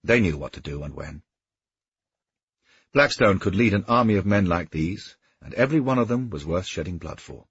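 Man, very low husky voice, lively inflection, dry dull audiobook sound. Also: moderate pace, dry recording. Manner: steady storytelling. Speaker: audiobook narrator. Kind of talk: scripted narration.

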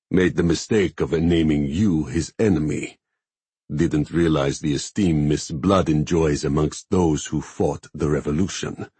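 A man voicing a burly male pirate captain in an audiobook, deep and nasal, terse and coarse. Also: darkish tone, slightly rough, no echo, heavily acted.

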